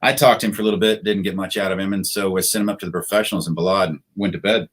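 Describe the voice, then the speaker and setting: A middle-aged American man, a retired soldier and podcast guest, telling war stories in a relaxed, anecdotal way. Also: deep voice, very fast. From United States. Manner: laid-back, anecdotal, acts out quoted voices. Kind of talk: casual storytelling interview.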